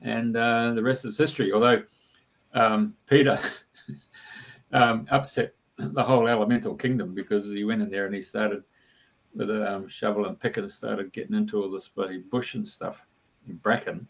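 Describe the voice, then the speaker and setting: This man, an Australian guest being interviewed, tells casual, rambling stories at normal speed, chatty and heavy with ums and uhs. His voice is on the low side with a steady tone and vocal fry, and the audio is poor.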